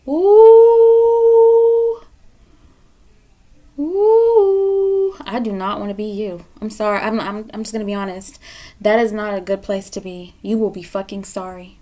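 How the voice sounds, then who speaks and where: A woman's voice: mid-range voice, level tone, a little fast, darkish tone. Blunt, profane tarot-reading woman. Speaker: tarot reader. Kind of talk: pick-a-card tarot reading.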